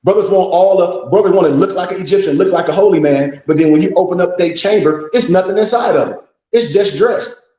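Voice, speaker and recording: A man's voice: high-pitched, fairly quick, few pauses, warm tone. A man lecturing a group in a blunt, scolding, profane way, full of rhetorical questions. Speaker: teacher addressing a group. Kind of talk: preaching lecture. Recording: echoey room.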